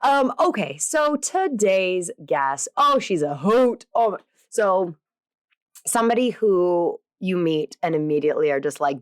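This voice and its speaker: A chatty woman hosts a podcast in a casual, bubbly monologue. Her voice sits a little low and sounds close and dry, and she peppers her talk with fillers and self-deprecating asides. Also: sing-song, unhurried, no room sound. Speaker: podcast host.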